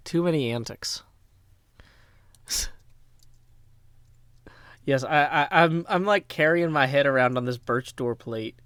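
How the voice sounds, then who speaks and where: Playing on his livestream, this Tennessee gamer rambles, jokes, and thanks his donors in easygoing chat. He speaks slowly with frequent pauses, in a slightly high, somewhat bright, clean voice, and the recording is dry.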